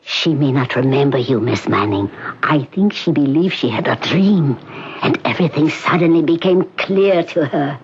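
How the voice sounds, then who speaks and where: An actor playing a formal, cautious hospital doctor who speaks in a measured, precise way, in 1970s radio drama acting. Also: male voice, on the high side, expressive. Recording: dull old radio recording, faint hiss.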